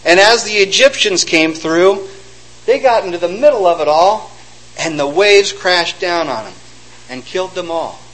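A man with a high, lively voice preaches a sermon, retelling old stories and slipping into the voices of the people in them. His pitch jumps around a lot as he drives each point home. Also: moderate pace, rough recording. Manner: animated storytelling, acting out quotes.

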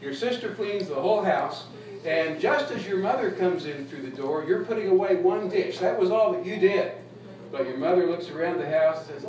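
A man's voice: high-pitched, expressive, normal speed, a little mellow. A male pastor preaching a folksy, humorous sermon, heard from a distance in an echoey room with faint noise. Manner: folksy, humorous, laughs at own jokes.

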